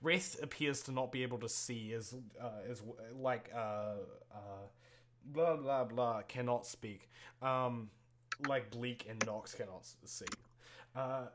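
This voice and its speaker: A man narrating a tabletop game as game master, pausing often with fillers and restarts. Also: medium pitch. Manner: halting, many fillers and restarts. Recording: noisy home mic.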